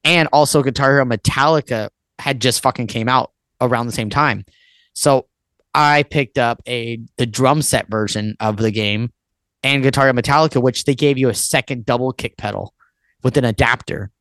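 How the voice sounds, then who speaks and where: A man in his thirties, guesting on a podcast, rambles casually from memory to memory, cursing often and leaning on "like." His voice is medium-pitched and fairly bright, at a moderate pace, recorded dry and close with no room sound.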